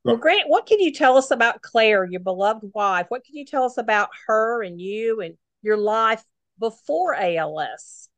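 A woman's voice: on the high side, animated, moderate pace, a bit bright, no room sound. A woman hosting an interview show, greeting her guest and asking questions. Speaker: podcast host.

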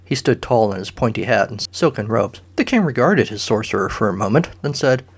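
A man narrating a comic story with dry, deadpan asides. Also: fairly low pitch, a little fast, slightly rough.

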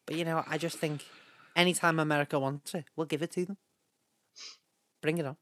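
A man co-hosting a podcast in casual, jokey chat, often trailing off quietly. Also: on the high side, fairly even intonation, brisk. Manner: jokey, trails off softly at ends of lines. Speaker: podcast co-host.

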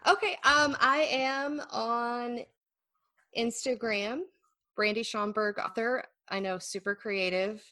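A woman's voice: fairly high pitch, fairly even intonation, takes it slowly, pushed and bright, dry recording. A woman author talking casually about her writing with a self-deprecating, easy laugh, then reading her fantasy chapter aloud. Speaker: author and guest. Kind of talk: casual interview chat and book reading.

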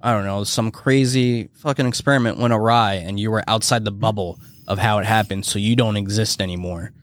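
Low-voiced rambling male podcast host. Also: steady tone, fairly quick. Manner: rambling, heavy use of "like" and swearing. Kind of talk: casual chat.

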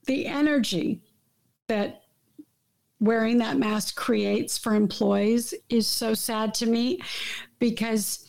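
A woman's voice: on the high side, steady tone, slow, vocal fry, pauses often, a little mellow. A woman talking in a casual, emphatic way, often trailing off and restarting her sentences. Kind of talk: casual conversation. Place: Los Angeles.

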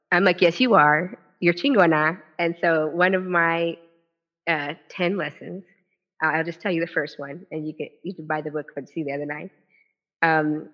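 A woman tells a personal story from the podium at a public event, acting out quoted dialogue as she goes. Her talk is lively and full of quick restarts. The recording sounds dull and lo-fi. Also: fairly low pitch. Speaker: author and former legislator giving a talk. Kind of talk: personal storytelling speech to a live audience.

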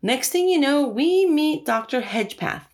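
A woman co-hosting a podcast, retelling a film's plot in casual chat, animated and swearing freely. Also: high-pitched, normal speed. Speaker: podcast co-host recapping a film.

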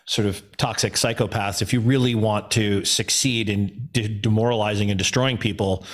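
A man's voice: on the low side, fairly even intonation, normal speed. Reflective chatty middle-aged man. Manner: reflective, chatty, laughs easily. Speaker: guest, production company owner. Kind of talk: casual conversation.

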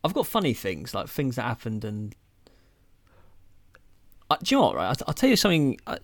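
A man's voice: medium pitch, wildly swooping pitch, brisk, no echo. Rambling British man, dry close sound. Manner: rambling, filler-heavy, banters and swears. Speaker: podcast co-host. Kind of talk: casual chat.

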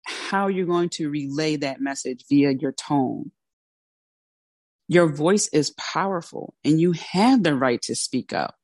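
A woman's voice: sits low, a little mellow, no echo, studio quality. A woman hosting a motivational podcast who coaches listeners in a direct, candid, conversational way. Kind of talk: motivational solo talk.

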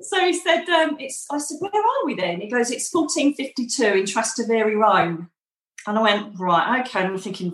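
A woman's voice: mid-range voice, fairly bright tone, reverberant, low-quality recording. A woman being interviewed, telling a personal story in a chatty way and acting out the dialogue. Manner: chatty, acts out quoted dialogue. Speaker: interview guest.

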